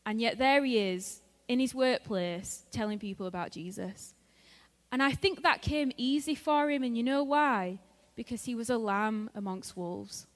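A woman preaching a sermon in a chatty, personal manner, her voice sitting a little high for a woman. She laughs easily and slips into the voices of friends she quotes. The long reverb of a church hall trails after her words. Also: normal speed. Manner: conversational, laughs often, acts out quoted friends.

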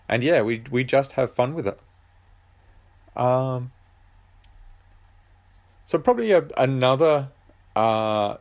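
A man who writes books, talking casually on his own show, hesitant and full of ums and uhs. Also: fairly low pitch. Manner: relaxed, rambling. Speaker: author and podcast host. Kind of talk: casual solo chat.

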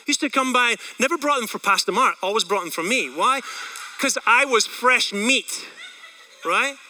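A man with a Scottish accent preaching a sermon as a pastor. He talks in an energetic, conversational way and asks the congregation questions. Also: extremely high pitch, normal speed, far from the mic, poor audio. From Scotland.

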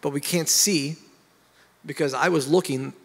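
A man, a pastor, sharing his testimony in an animated, emotional way and getting loud at the high points. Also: measured pace, creaky, long reverb tail. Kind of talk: candid conversational testimony.

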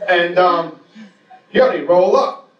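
A man's voice: sits high, slow, lo-fi sound. A man telling a rambling, profane, self-mocking story to a live audience. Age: adult. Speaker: storyteller on stage. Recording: roomy live venue, distant mic, audience laughter. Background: audience laughter.

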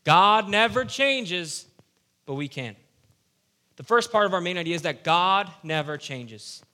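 A young man preaching a casual, animated sermon with playful asides. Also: fairly high pitch, moderate pace. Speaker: youth pastor.

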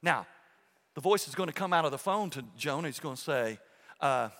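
A man's voice: on the high side, fairly quick, fairly bright tone, long reverb tail. A male pastor preaching a sermon in a church in a conversational way, often checking in with "okay?" and restarting phrases. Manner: frequent restarts and repeated words. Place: church sanctuary.

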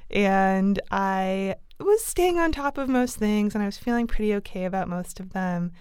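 A woman casually telling a personal story in conversation, animated and laughing often, with lots of fillers. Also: mid-range voice, moderate pace, smooth, no room sound, clean studio sound.

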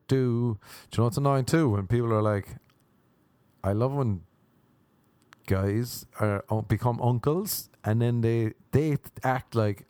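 A man's voice: mid-range voice, slow, mellow, clean tone, dry recording. A young man doing a stand-up monologue, rambling and mocking, often slipping into silly put-on voices. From Ireland. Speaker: stand-up comedian. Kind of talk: comedic monologue.

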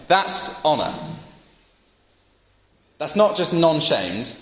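A man's voice: a little high, very slow, noisy background. A young man preaching a sermon, telling stories and building to emphatic points. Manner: storytelling, animated, builds to emphatic peaks. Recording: roomy church hall with long reverb.

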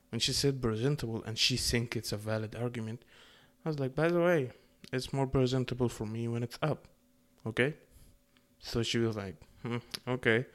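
A young man from the Middle East ranting casually, profane and sarcastic, with animated swings in his voice. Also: mid-range voice. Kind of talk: casual rant to camera.

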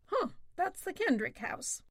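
A woman's voice: very high voice, very animated, a little slow, dry recording, voice pushed up, exaggerated voice. A crotchety old storekeeper speaks in a thin, raised voice, as a woman reading the story acts him out. He drawls his short, blunt answers. The sound is dry and close, like a storybook read at the microphone. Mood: gruff. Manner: drawling, curt old country speech. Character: very old small village shopkeeper man.

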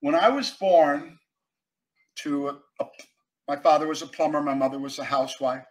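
An older man, a guest actor and author, telling stories in a casual interview, animated and emphatic, swinging between loud and quiet. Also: on the high side, moderate pace, rough recording.

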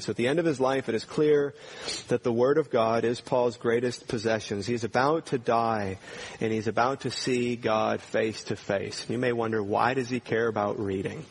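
A man's voice: mid-range voice, fairly even intonation, moderate pace, slightly rough. A male pastor preaching a sermon in a church, earnestly putting pointed questions to his congregation.

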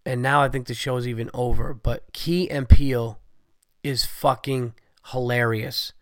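Profane rambling host with a cold. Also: male voice, medium pitch, steady tone, unhurried, clean tone, dry recording, studio quality. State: has a cold, congested voice. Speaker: podcast host. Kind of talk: casual monologue.

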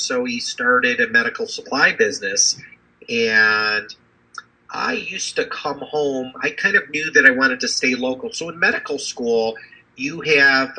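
A man's voice: mid-range voice, pushed and bright, husky, rough recording. A man in his fifties, a physician and business executive, telling his story in a rambling, conversational interview with many fillers.

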